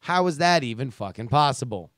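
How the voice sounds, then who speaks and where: A man's voice: mid-range voice, lively intonation, a little fast, a bit bright, no echo, clean studio sound. A man hosting a casual commentary show who rants in a sarcastic, profane way and reads listener emails. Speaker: podcast host reading listener emails.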